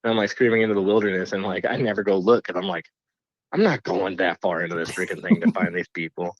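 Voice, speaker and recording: A man's voice: deep voice, fast talker, dry recording, dull audio. A man, a guest on a podcast who makes paranormal videos, telling stories in casual chat and laughing often. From Black Hills area, USA. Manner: animated storyteller, laughs often.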